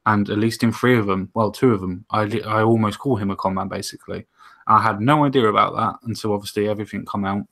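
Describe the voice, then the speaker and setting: A man in casual online group chat, talking quickly with sarcastic, self-mocking humor. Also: lowish voice, a bit bright. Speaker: guest YouTuber on a panel chat.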